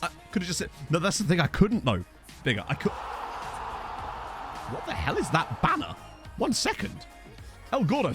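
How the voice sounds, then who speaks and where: A man talks through a live game stream in a loose, rambling, jokey way, thanking viewers as he goes. His slightly high voice swings up and down a lot. A desk microphone picks him up, with faint music playing underneath. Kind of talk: casual live-stream chat over a game. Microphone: desk condenser microphone.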